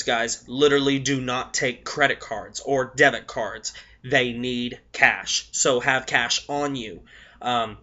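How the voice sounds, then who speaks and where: A hoarse young man giving blunt, profane tips to his viewers in a casual vlog, coughing between points. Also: medium pitch, sharp tone. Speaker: vlogger. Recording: dull lo-fi recording.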